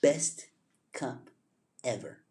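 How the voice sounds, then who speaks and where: A man's voice: very slow, dark tone. A man hosting a casual livestream chat, rambling from topic to topic and laughing often at his own jokes. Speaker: livestream host.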